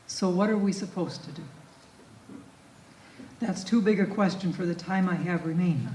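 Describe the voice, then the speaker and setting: A man reading a lecture paper aloud and reciting poetry, in a measured, deliberate way that leans on key words. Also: sits high, warm tone, slight background noise. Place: festival talk in a club meeting hall. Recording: echoey room from a distant mic.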